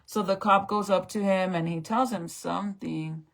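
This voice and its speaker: A woman's voice: on the low side, steady tone, normal speed, vocal fry. A woman vlogger recounting a story in casual, emotional chat, swearing freely and saying "like" and "bro" a lot. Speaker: makeup vlogger.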